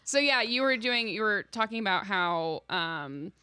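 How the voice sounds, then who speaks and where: A woman's voice: mid-range voice, animated, a little slow, pushed and bright, clean tone, no room sound, studio quality. A young woman co-hosting a podcast, chatting casually and gushing with enthusiasm, full of fillers. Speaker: podcast co-host. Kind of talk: casual chat.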